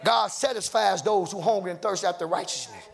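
Man, pastor, sermon, high voice, gravelly, shouted sung cadences. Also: animated, fairly quick. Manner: calls out to congregation members by name.

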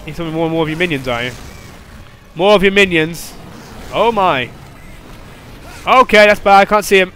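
Young male gamer, bright high voice, jumpy and jokey, shrieks mid-fight. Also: normal speed, long pauses, a little hiss or hum. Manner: excitable, yelping and laughing, swings from mutters to shrieks; joking, rambling banter at the game's monster. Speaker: gameplay commentator. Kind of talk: live gameplay commentary.

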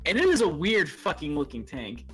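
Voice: medium pitch, wildly swooping pitch, moderate pace, fairly bright tone, faint music behind. A co-host of a group let's play, explaining game trivia and teasing the others in casual banter.

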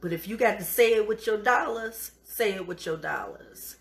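A woman's voice: mid-range voice, moderate pace, vocal fry. A middle-aged woman hosting a live cooking show, encouraging and a bit preachy, calling her viewers honey as she chats.

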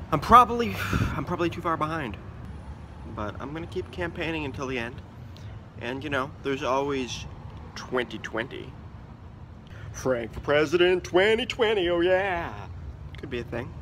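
A man talking to camera outdoors on city streets, joking through a mock presidential campaign with drawn-out, sing-song slogans. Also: medium pitch, background noise. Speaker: vlogger running a joke presidential campaign. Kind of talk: casual vlog to camera, mock campaign speech.

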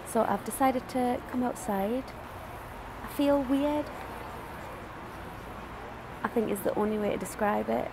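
A young woman vlogging to camera, excited and emotional, hesitant and full of fillers. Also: on the high side, measured pace, gravelly, long pauses, noisy background. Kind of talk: casual vlog talk to camera. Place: convention arena and outdoors nearby.

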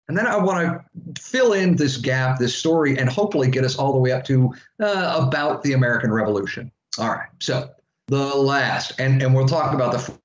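A medium-pitched man from Florida, a history instructor, gives students a casual, chatty classroom lecture full of asides. There's slight background noise, and the echoey room makes the sound dull and lo-fi.

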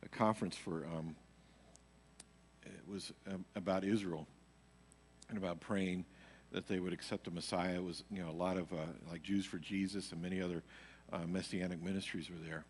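Low-voiced man telling a church testimony. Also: steady tone, moderate pace, a little hiss or hum. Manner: rambling storytelling, heavy on fillers. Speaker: worship leader speaking at church. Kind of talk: casual personal testimony to a congregation. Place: church sanctuary. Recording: live church stream with long hall reverb.

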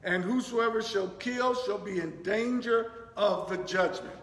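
A man's voice: sits high, a little slow, a bit bright. A man preaching a sermon as pastor, teaching verse by verse with frequent fillers and asides of "thank you, Lord.". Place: church sanctuary. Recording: echoey church hall.

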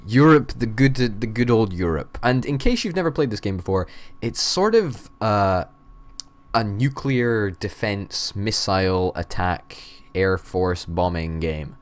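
A man's voice: on the low side, animated, measured pace. A young man hosting a strategy game let's-play, talking playfully with a mock-grand announcer tone. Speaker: host, gamer.

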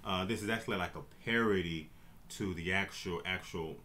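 A man's voice: sits low, normal speed. A young adult man co-hosting a reaction video, chatting casually and laughing along. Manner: relaxed, repeats lines he finds funny, laughs along. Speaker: reaction channel co-host.

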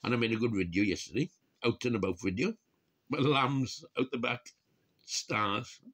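A man's voice: mid-range voice, moderate pace, a bit bright. A man talking casually and wryly to his camera in a rambling vlog monologue. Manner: chatty, wry, given to chuckling asides. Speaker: vlogger.

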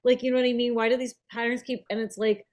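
Co-host, female, bright higher voice, blunt and animated, swears a lot. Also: quick pace. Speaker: podcast co-host. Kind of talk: casual chat.

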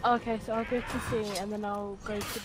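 Young woman, eager co-op gamer, quick reactions, noisy capture. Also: mid-range voice. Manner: excitable, quick reactions and repeated urging. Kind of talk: casual gaming chat. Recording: noisy game capture audio. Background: game sound and background noise.

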